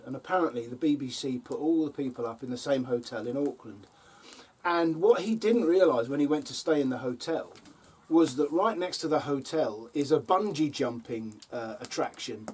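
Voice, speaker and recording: A man's voice: on the high side, a little mellow, slightly rough. An older man on his allotment, casually telling funny anecdotes with lots of ums and chuckles. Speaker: allotment vlogger. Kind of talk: casual storytelling to camera. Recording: voice from a distance with faint outdoor ambience.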